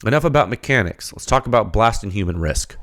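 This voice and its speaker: A man hosting a technical podcast, talking in an animated, ranting way with rapid rhetorical questions before settling into explaining data. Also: on the low side. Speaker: podcast host.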